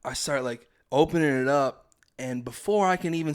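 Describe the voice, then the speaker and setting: A man's voice: mid-range voice, normal speed, clear, resonant tone. Laid-back man telling a story. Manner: animated, laughing, acts out family voices. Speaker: podcast host. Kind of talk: casual storytelling chat.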